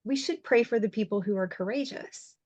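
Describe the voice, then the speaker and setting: A woman who is a writer and journalist shares her story as a podcast interview guest, speaking fairly quickly in a heartfelt, expressive way. Her voice jumps high whenever she gets emotional, and there's no room sound.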